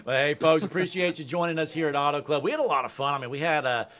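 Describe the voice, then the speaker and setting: A man's voice: a little high, animated, quick pace, a bit bright. A man hosting a sim racing broadcast, wrapping up with upbeat, folksy broadcaster patter. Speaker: play-by-play host.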